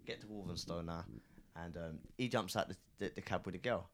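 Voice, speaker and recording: A man's voice: low-pitched, brisk, slight background noise. A man, a cab driver and podcast co-host, telling a story in casual slangy chat and acting out the people in it. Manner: animated, laughing, slangy, acts out voices.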